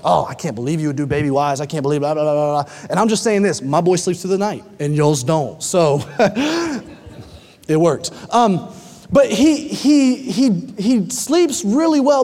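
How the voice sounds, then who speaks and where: A man in his thirties preaching a sermon, telling stories with lots of animation, getting loud when excited and dropping low for emphasis. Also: long reverb tail. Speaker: pastor.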